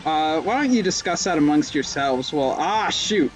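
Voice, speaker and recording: A young male streamer talks through a racing game in a slightly high voice. He rambles, mocks himself and lets out sudden yelps, with faint game music in the background. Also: expressive, moderate pace. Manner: rambling, self-mocking jokes, sudden yelps. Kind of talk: live gameplay commentary.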